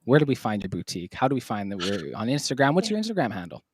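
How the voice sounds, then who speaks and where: A man hosting a live stream from home, bantering with guests in an energetic, hype style. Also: mid-range voice, rapid-fire, slight background noise. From Canada. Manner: energetic hype banter, sing-song outro. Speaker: host.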